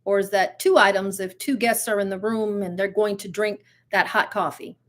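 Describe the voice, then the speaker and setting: A woman's voice: medium pitch, steady tone, moderate pace, a bit bright. A woman hosting her own cruise channel, telling stories and reading news in a chatty, giggly way with plenty of asides and fillers. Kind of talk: casual live-stream chat and storytelling.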